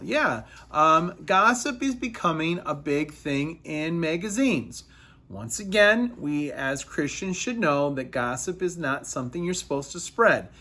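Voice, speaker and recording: Slow, halting male history teacher. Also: on the high side, expressive, bright, forceful tone. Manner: slow, halting delivery with many fillers and repeated phrases. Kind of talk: recorded history lesson.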